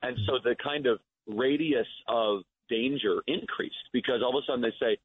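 A man's voice: medium pitch, normal speed, breathy edge. A man, a guest on a radio show, arguing his points earnestly over the phone. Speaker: guest, activist. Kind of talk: radio interview. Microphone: phone line. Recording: tinny phone line.

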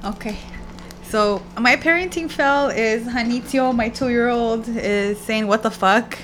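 A woman's voice: on the high side, a little slow, a little hiss or hum. A woman, a mother of a toddler, telling a story casually and acting out the dialogue with laughter. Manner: animated storyteller, acts out dialogue. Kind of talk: casual group chat.

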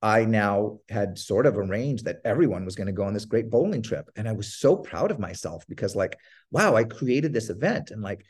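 A man's voice: lowish voice, moderate pace, slightly rough. A man, a TV producer as a podcast guest, telling stories and acting out old phone calls. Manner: animated storyteller, acts out phone calls. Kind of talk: casual interview storytelling.

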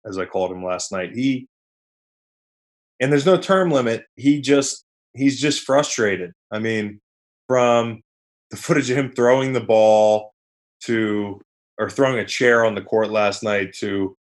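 A man's voice: fairly low pitch, unhurried. A man hosting a sports podcast, talking casually in a rambling, conversational way with wry asides. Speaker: podcast host.

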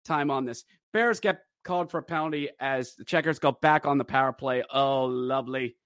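A man hosting a podcast, recapping a hockey game as a fan, excitable and sarcastic, shouting the goal calls. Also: a little high, a little fast, no room sound, studio quality.

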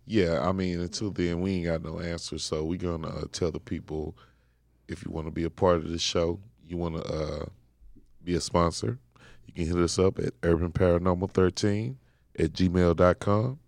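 A man's voice: low voice, steady tone, normal speed, gravelly, darkish tone, no room sound. A man co-hosting a podcast, chatting casually in a laid-back, slangy storytelling manner on a close mic. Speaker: podcast co-host.

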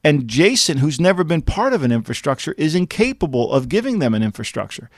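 A man co-hosting a sports podcast in casual talk, animated and rhetorical, firing off questions with laughing asides. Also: a little high, a little fast, no echo, studio quality. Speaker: podcast co-host.

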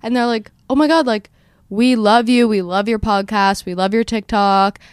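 A woman in her twenties hosting a podcast, telling a story in a fast, animated way and acting out the quotes. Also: on the high side, smooth, no echo. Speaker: podcast host. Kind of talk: casual storytelling chat.

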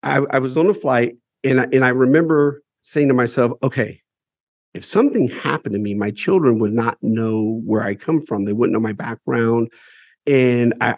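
A man's voice: mid-range voice, a little mellow, no echo, lo-fi sound. A man who runs a publishing company, telling his life story as a guest in a casual interview, candid and emphatic, swearing freely and repeating words as he builds up each point.

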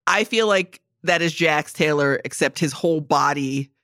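A woman's voice: deep voice, moderate pace, a bit bright, dry recording, clean studio sound. A woman co-hosting a podcast in casual chat, blunt and joking with some swearing. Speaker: podcast co-host.

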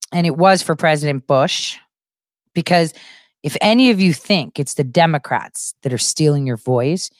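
A woman's voice: deep voice, dry recording. Ranting woman with a dry sound. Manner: ranting, emphatic, repetitive; crude, profane asides. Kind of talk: political commentary monologue.

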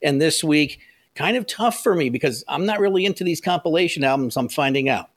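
A man hosts a casual music podcast. His voice sits a little high for a man, and he tells long relaxed stories from memory. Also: a little fast. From Phoenix area, United States. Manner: relaxed storytelling, reminiscing. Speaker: podcast host.

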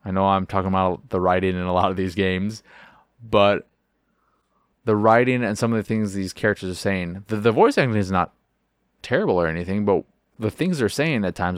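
A man with a fairly low voice rambles through a casual video game chat and swears freely. He acts out little scenes as he goes. His sound is close and dry, with no room around it. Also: fairly quick, dry recording. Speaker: podcast host.

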